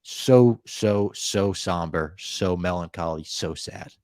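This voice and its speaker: A man co-hosting a podcast, retelling a show's episode in relaxed storytelling. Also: sits low, slow, no room sound, clean studio sound. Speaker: podcast co-host. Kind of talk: casual recap of a show.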